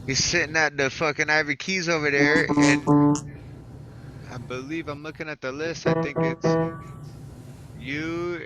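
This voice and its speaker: A man hosting an online open mic, chatting casually and effusively, swearing and saying "like" often. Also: mid-range voice. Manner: effusive, swears a lot, filler 'like'. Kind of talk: casual chat. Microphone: video call.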